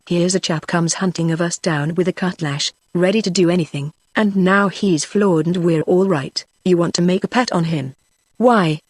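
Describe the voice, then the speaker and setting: A synthetic text-to-speech voice reading a novel aloud as narrator, giving every character the same even delivery. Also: mid-range voice, dry recording, studio quality. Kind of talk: scripted narration.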